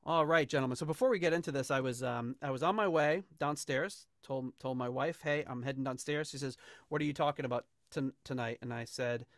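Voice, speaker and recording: A man's voice: mid-range voice, a little fast, dry recording, studio quality. A man hosting a podcast, talking casually and animatedly with plenty of fillers. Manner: chatty, animated, with frequent fillers. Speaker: podcast host.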